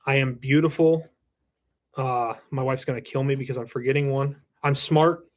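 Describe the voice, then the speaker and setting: A man's voice: medium pitch, fairly even intonation, normal speed, no echo. Male guest, 30s, earnest storyteller, restarts often, dry sound. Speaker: guest, roofing business owner. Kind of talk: casual podcast chat.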